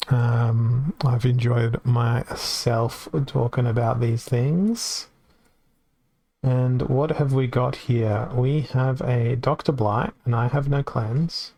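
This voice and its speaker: Man, Australian accent, game streamer, casual commentary, slow and chatty. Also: medium pitch, steady tone, a little mellow. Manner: unhurried, chatty, reacts aloud to the game.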